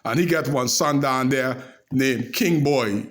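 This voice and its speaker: A man telling animated, laugh-filled anecdotes to the camera in a casual way. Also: mid-range voice, unhurried. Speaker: storyteller.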